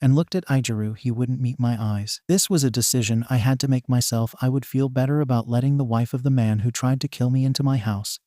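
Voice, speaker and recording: A man narrating fan fiction in an even, steady reading voice. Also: medium pitch, a little fast, few pauses, no room sound, clean studio sound.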